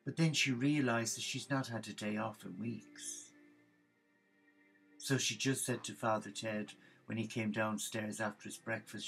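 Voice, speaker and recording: A man telling a comic story in a lively narrating way, slipping into character voices. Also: lowish voice, a little slow, gravelly, faint music behind, poor audio. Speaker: religious storyteller.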